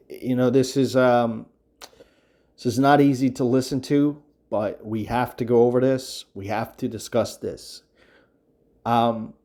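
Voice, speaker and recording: A man's voice: mid-range voice, warm tone. A man hosting an earnest casual commentary, talking emphatically and repeating his points with frequent fillers. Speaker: commentary channel host.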